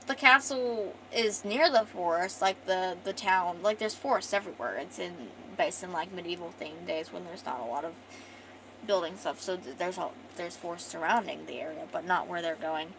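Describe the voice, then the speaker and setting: A woman's voice: on the low side, creaky, fairly bright tone, a little hiss or hum, low-quality recording. A woman casually narrating her own comic, rambling with chatty asides. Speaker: streamer, comic artist.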